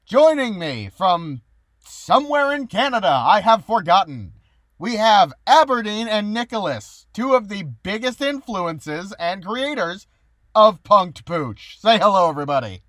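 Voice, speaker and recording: Upbeat high-voiced male podcast host. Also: very animated, a little slow, fairly bright tone, dry recording. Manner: laughs often, upbeat and joking. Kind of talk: casual video-call interview.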